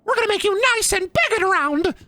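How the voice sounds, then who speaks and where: A man voicing a gloating cartoon ink demon in a high, mocking voice. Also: animated, fairly quick, sharp tone, no room sound, full character voice. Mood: taunting. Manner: shrill taunting.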